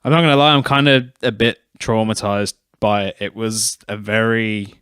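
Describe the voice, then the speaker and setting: British male co-host, lowish clear voice, frank and skeptical, dry close sound. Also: fairly even intonation, normal speed, fairly bright tone, no room sound. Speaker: podcast co-host. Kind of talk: casual chat.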